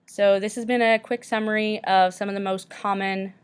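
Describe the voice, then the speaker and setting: A woman, recorded as a teacher giving a French lesson, speaking slowly and carefully and repeating each word. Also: medium pitch, little pitch movement, smooth.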